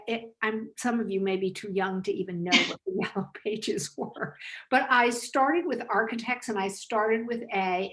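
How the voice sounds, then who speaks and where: An older woman, a business founder, telling stories in an interview over a video call, lively and laughing now and then. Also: medium pitch, poor audio. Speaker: author and business founder, guest. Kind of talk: storytelling interview answers.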